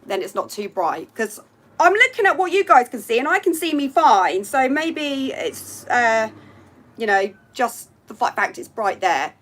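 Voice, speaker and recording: A woman's voice: a little high, big pitch swings, a little slow, a bit bright. A woman hosting a casual live stream from home by a window, chatting to viewers in a rambling way and reading out their comments.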